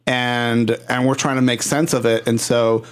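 A man's voice: medium pitch, level tone, measured pace, smooth. A man hosting a casual podcast chat, rambling and thoughtful with many fillers.

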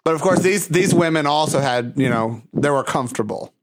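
A man's voice: on the high side, lively intonation, fairly quick. A man hosting a podcast, chatty and reflective, laughing easily in casual conversation. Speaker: podcast host. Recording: loud background noise.

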